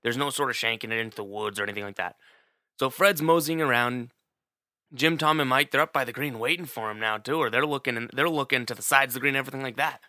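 A man's voice: mid-range voice, fast talker, sharp tone, no room sound, clean studio sound. A man telling a story in a casual, chatty way, talking straight to the listener with plenty of fillers. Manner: chatty, addresses the listener directly, many fillers.

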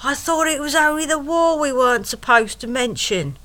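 A loud, obnoxious butch woman who blurts everything out bluntly, as a storyteller puts her on. The voice jumps up high and rings out bright in a bellowing tone. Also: animated, normal speed.

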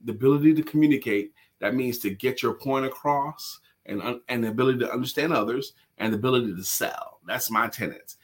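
A man hosting a casual livestream chat, animated and emphatic, repeating his key phrases. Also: mid-range voice, fairly quick, hardly any pauses, husky. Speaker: show host and sales coach.

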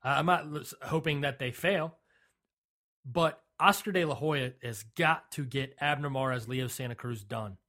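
A man's voice: mid-range voice, measured pace, sharp tone. A man co-hosting a sports podcast in casual chat, blunt and opinionated, often restarting his sentences. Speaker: podcast co-host.

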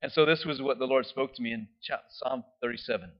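A man's voice: medium pitch, quick pace. A man preaching a sermon in a conversational way, often checking in with his listeners by asking "right?". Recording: dull lo-fi sound.

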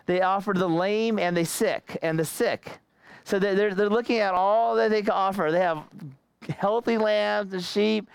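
High, smooth-voiced young preacher. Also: male voice, no echo. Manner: casual, repeats words, laughs between phrases. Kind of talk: sermon.

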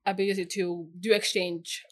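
A young woman from Norway with a Norwegian accent, a podcast guest chatting casually, laughing often and pausing on fillers. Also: medium pitch, level tone, fairly bright tone. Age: young adult. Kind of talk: casual interview chat.

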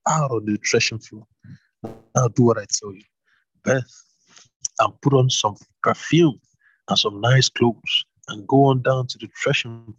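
A man voicing an eager older widow giving her daughter-in-law advice in a read-aloud Bible story, with a husky voice. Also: medium pitch, no room sound, dull audio, close to an everyday voice.

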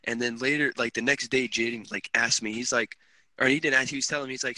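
Young man telling stories, bright voice. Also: mid-range voice, fast talker, no echo. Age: young adult. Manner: animated, swearing, laughing storyteller. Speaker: podcast host. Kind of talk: casual chat.

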